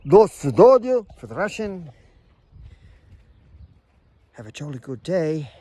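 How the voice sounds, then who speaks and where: A man's voice: on the high side, big pitch swings, slow pace, long pauses, mellow. A middle-aged man vlogging in a casual, rambling monologue, with frequent stammers and restarts.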